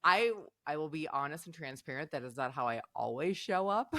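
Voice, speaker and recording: A woman's voice: deep voice, big pitch swings, moderate pace, a crowd in the background. A woman in a casual podcast chat, telling upbeat anecdotes and laughing as she talks. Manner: upbeat storyteller, laughs while talking.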